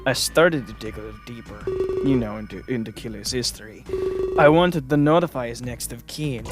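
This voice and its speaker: A man voicing a cautious male tour manager, calm and serious, speaking in a measured way over game music. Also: medium pitch, natural voice. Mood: grave.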